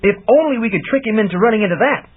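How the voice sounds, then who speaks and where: An earnest, devoted young hero, as a male reader voices him. The voice is husky and lively in pitch. The audio sounds thin and phone-like. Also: very fast.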